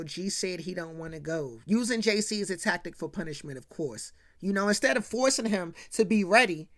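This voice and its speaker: A woman's voice: fairly low pitch, fairly bright tone. A woman hosting a casual recap of a TV episode. She talks chattily, repeats herself and often asks "right?" and "you know". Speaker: show host.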